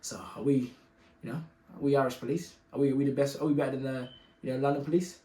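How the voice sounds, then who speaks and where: A man's voice: medium pitch, fairly even intonation, quick pace, dark tone, reverberant, distant mic, close to an everyday voice. A man recounting a suspicious male police officer who repeats curt demands. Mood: smug.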